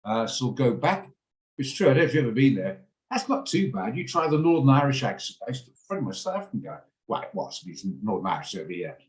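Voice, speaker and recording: A man's voice: mid-range voice, big pitch swings, quick pace, darkish tone. Male trading host, blunt and rambling, echoey video-call sound. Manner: chatty, blunt, rambles off topic. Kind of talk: casual chat in an online trading session. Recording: roomy echo on a video call.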